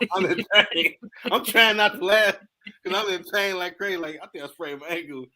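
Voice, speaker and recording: Male host, bright, slightly high voice, animated storyteller who acts out every line in slang. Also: a little slow. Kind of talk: casual storytelling.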